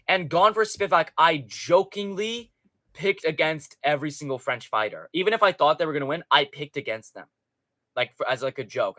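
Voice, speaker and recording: Brief: male stream host, crisp bright tone, loose and profane, casual chatter. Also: a little high. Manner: rambling, profane, chatty with frequent restarts. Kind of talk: casual live stream chat.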